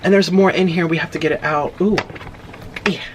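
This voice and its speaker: A woman's voice: on the low side, steady tone, fairly quick. A young woman hosting a casual eating-show vlog, gasping and exclaiming as she talks. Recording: noisy home recording.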